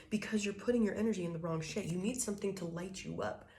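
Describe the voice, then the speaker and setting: A woman's voice: medium pitch, fast, hardly any pauses, dark tone. A woman giving a casual tarot reading, talking loosely and profanely, laughing often and acting out quoted thoughts. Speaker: tarot reader.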